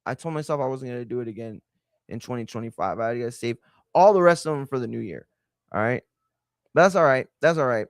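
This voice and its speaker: A man hosting a wrestling live stream, ranting in a heated, profane way and swinging between loud outbursts and low muttering. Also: expressive, a little fast, no room sound, studio quality. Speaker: livestream host.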